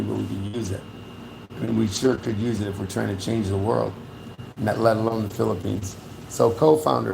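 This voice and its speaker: A man's voice: mid-range voice, creaky, reverberant, noisy background. A man talking blunt and rambling in a casual vlog, often correcting himself as he goes, recorded on a camera mic in a room. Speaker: vlogger.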